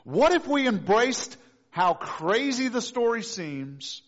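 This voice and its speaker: A man preaching a sermon as pastor, animated and quick to act out voices of the people in the story. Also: extremely high pitch. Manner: animated, acts out voices of figures. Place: church sanctuary. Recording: dull lo-fi recording with long reverb in a church.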